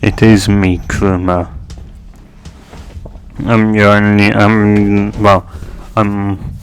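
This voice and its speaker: A man voicing a brash young girl ninja in a spoken fan story, halting and full of fillers. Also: lowish voice, flat delivery, smooth, soft background music.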